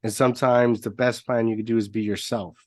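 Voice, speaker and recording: A man's voice: medium pitch, flat delivery, fairly quick, darkish tone, no room sound. A male podcast host with a mid-range voice talks with keen enthusiasm. He stumbles often and repeats his words. The recording is dry and close, with no room around it. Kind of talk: casual interview chat.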